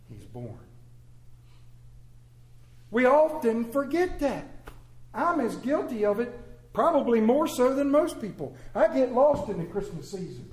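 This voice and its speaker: A man preaching a sermon to a congregation, swinging between loud emphatic phrases and hushed low lines, repeating phrases to build his point. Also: huge pitch swings, measured pace, pauses often. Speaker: pastor. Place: church sanctuary with congregation. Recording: echoey church room.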